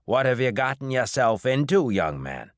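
A man voicing a huge, taciturn old farmer who speaks in a slow New England drawl. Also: medium pitch, very animated, dry recording, studio quality, voice pushed up, close to an everyday voice.

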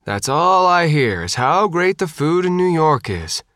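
A man's voice: a little high, big pitch swings, measured pace, fairly bright tone, dry recording, pitched above the performer's own voice. Man doing a sarcastic tough teen girl. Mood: sardonic. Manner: dry, sarcastic griping. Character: tough sardonic teenage girl, weak from illness.

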